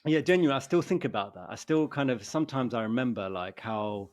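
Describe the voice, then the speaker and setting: A man hosts a relaxed podcast conversation. He talks at a mid pitch and a brisk, hurried pace. He tells his stories in an animated way. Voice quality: fast, animated storytelling. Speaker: podcast host. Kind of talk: casual chat.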